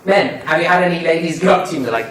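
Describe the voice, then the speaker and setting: A man's voice: on the high side, expressive, racing, over a noisy crowd. Playful male trainer in a roomy hall. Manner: playful, joking, quizzes the audience. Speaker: public speaking trainer. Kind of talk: live presentation to an audience. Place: lecture room with a live audience. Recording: roomy hall sound, faint noise.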